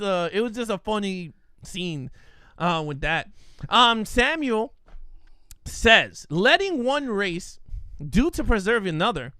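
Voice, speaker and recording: A man co-hosting a casual podcast, excitable and reading out chat comments. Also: sits high, clean tone, no echo. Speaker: podcast co-host.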